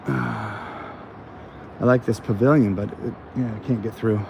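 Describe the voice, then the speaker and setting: An American man, still getting over a cold, hosts a laid-back walking vlog on an evening stroll through an outdoor botanical garden. His voice sits fairly low with big swings in pitch, and he talks slowly, rambling through stories with lots of fillers. The audio is lo-fi, with background noise.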